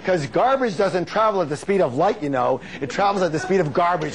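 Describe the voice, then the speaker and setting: A man giving a live motivational seminar on stage, energetic and playful, drawing call-and-response answers from the audience. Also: fairly quick. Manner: playful, acts out quotes in high silly voices.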